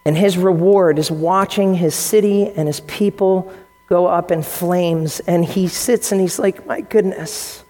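In a church hall with a long reverb tail, a male pastor from the United States delivers a heartfelt sermon. He speaks at a measured pace in a high, mellow, steady voice, and he performs the quotations he tells by changing his voice.

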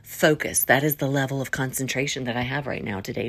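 A middle-aged woman talking through a rambling faith vlog, scattered and playful, slipping into silly voices and quiet whispers. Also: very deep voice, fairly quick, husky. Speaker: vlogger.

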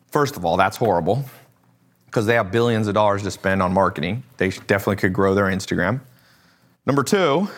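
A man hosts a loose livestream, coaching viewers in a blunt and animated way. He talks at a middle pitch, swears now and then, and laughs at his own jokes. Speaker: livestream host, e-commerce coach. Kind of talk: casual livestream talk.

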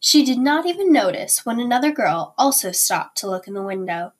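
A woman teacher reading a children's chapter book aloud to her students, slow and deliberate. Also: fairly high pitch, sing-song, slightly rough.

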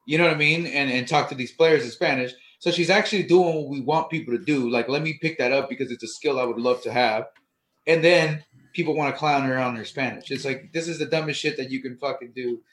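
A man co-hosting a casual sports podcast, talking in an animated way with frequent swearing, restarts and asides. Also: mid-range voice, fairly quick. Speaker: podcast co-host.

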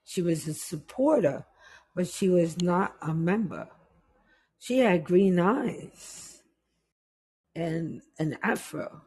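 Slow, breathy middle-aged woman telling stories. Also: lowish voice. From West Indies. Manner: animated, acts out the people in her stories. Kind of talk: casual storytelling chat.

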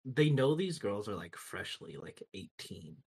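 A young man in casual chat, telling animated, profane workplace stories and laughing often. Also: on the low side, unhurried, husky. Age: young adult.

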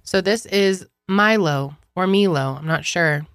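A young woman with a slightly low voice chats easily and bluntly as a podcast co-host. She sounds relaxed and unpolished. The sound is close and dry, with no room echo. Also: measured pace. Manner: relaxed, chatty, blunt with swearing. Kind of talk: casual chat, snack taste test.

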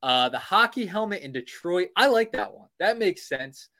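Brief: young male podcast co-host, easygoing playful banter, slightly high voice. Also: sing-song, sharp tone. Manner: playful, halting, many restarts. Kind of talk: casual sports podcast chat.

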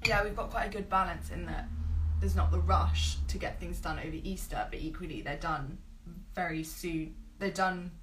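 A woman's voice: on the low side, a bit bright, slight background noise, poor audio. A young woman, chatting casually as a podcast co-host, talky and exclamatory. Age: young adult. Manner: chatty, self-talking, quick bursts of exclamation. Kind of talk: casual chat.

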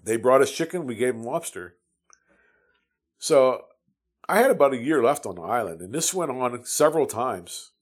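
A man's voice: mid-range voice, animated, normal speed, pauses often, husky. A man in his fifties from the United States, telling his Navy stories in a casual, rambling way with many restarts and fillers. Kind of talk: casual storytelling.

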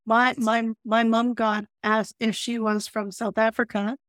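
A woman from Calgary co-hosting a podcast, chiming in with quick asides and short comments. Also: fairly high pitch, little pitch movement, fairly bright tone, dry recording. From Calgary, Canada. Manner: brief interjections and quick asides. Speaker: podcast co-host. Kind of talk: casual podcast discussion.

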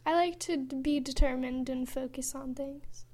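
A woman's voice: high voice, fairly even intonation, moderate pace, a little mellow. A young woman from Chicago with a Chicago accent, chatting casually and reacting with bubbly exclamations and laughs. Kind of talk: casual chat.

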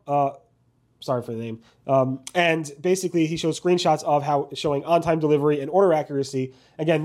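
A man hosting a weekly search news video recap, talking rapidly with frequent ums and self-corrections. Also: fairly high pitch, a little mellow. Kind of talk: fast solo news recap to camera.

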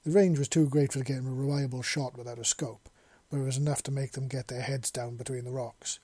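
Brief: male storyteller, dark husky voice, dry close sound. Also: mid-range voice, a little fast, no echo. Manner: plain steady reading with small slips. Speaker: narrator. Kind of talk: reading fan fiction aloud.

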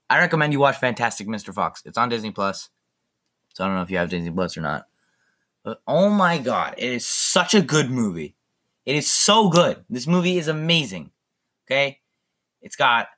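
A man's voice: mid-range voice, pushed and bright. A young man hosting a solo podcast, chatting enthusiastically and rambling with lots of fillers. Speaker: podcast host. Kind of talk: casual solo podcast chat.

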